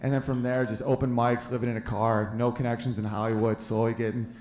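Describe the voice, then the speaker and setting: A man's voice: medium pitch, level tone, fast talker, a little mellow, reverberant. A man in his thirties doing a live stand-up comedy set, rambling loosely and breaking into goofy voices. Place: live comedy venue with audience.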